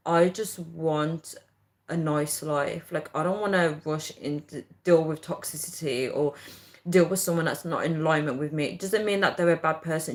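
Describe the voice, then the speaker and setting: A young woman chatting casually to viewers, ranting in an animated way and laughing often. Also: sits low. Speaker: vlogger.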